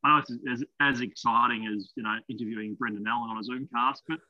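Aussie guy chatting from his backyard on zoom, muffled dry audio, relaxed. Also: medium pitch, fast talker, dry recording. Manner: laid-back, chatty. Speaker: guest. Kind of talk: casual video-call chat. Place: outdoors in a backyard. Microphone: video call.

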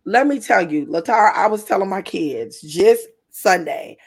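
Husky-voiced woman podcast host. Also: mid-range voice, animated, moderate pace. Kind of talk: casual chat.

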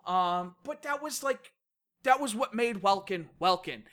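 A woman co-hosts a casual gaming podcast, her voice bright and clear. She talks in an animated way, laughs often and swears freely when she gets worked up. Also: mid-range voice, a little slow. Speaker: podcast co-host. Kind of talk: casual podcast rant about video games.

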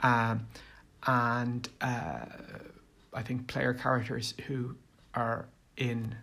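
A man's voice: medium pitch, little pitch movement, very slow, vocal fry, sharp tone. A man giving a rambling casual monologue on running tabletop games, hesitant with many fillers and restarts. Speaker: tabletop game commentator.

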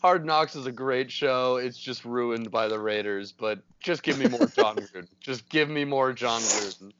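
A man co-hosting a podcast in casual chat, excitable and swearing, rambling with hype, recorded remotely over a call. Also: medium pitch, normal speed, no room sound, dull audio. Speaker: podcast co-host. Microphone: remote call mic.

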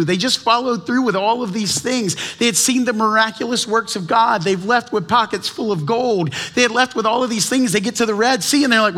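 A man's voice: sits high, fairly quick, hardly any pauses, bright, forceful tone. A man preaching a sermon as teaching pastor, earnest and full of rhetorical questions, often repeating words as he presses a point.

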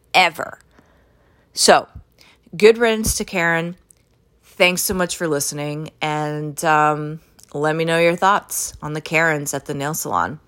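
A woman telling a story to her listeners in a casual, animated and exasperated way, swearing now and then and leaping into high exclamations.

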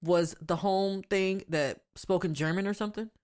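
A woman co-hosting a podcast in casual chat, animated and frank, laughing often and speaking. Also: mid-range voice, moderate pace. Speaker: podcast co-host.

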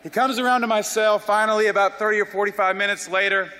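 A young man from South Carolina, telling his life story as an animated, self-deprecating testimony. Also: high-pitched, quick pace. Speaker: speaker giving a personal testimony. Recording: long reverb of a large hall.

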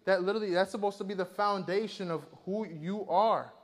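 A man's voice: high voice, brisk, in a large hall. A man preaching a sermon, retelling scripture in an earnest, conversational way with frequent fillers.

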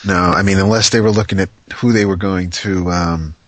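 A man's voice: sits low, steady tone, a little fast, no echo. A man chatting about comics in casual podcast talk, in a laid-back way. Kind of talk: casual chat.

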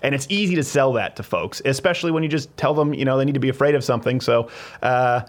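Fast-talking joking podcast host. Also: male voice, mid-range voice. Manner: quick, joking banter. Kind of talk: casual chat.

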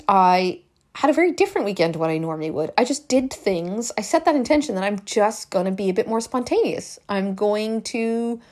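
A woman's voice: on the high side, a little mellow. A woman speaks in a podcast monologue as a life coach. Her delivery is earnest and encouraging, and she often says a phrase twice or three times for emphasis. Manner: emphatic, repeats phrases for effect.

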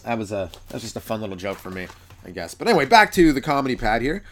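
A man, a comedian hosting his own podcast, riffing through a stand-up monologue, swearing freely and breaking into loud exaggerated voices. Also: medium pitch, big pitch swings, rapid-fire. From Canada.

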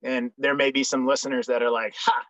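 A man's voice: medium pitch, little pitch movement, quick pace, a bit bright, no echo. Frank joking man, dry dull recording. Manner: frank, joking, many ums and restarts. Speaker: guest, military veteran. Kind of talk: casual storytelling interview.

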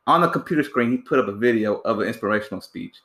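A young man hosts a podcast in a relaxed, casual way. He tells rambling anecdotes, peppered with slang and profanity, in a voice of ordinary middle pitch. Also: racing, echoey room. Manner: laid-back storytelling with slang and swearing. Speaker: podcast host. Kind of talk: casual chat.

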